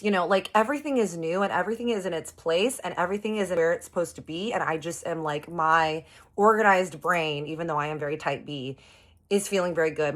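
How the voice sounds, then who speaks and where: A young woman telling a long personal story to her viewers in a chatty, animated, slangy way. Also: lowish voice. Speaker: storytime vlogger.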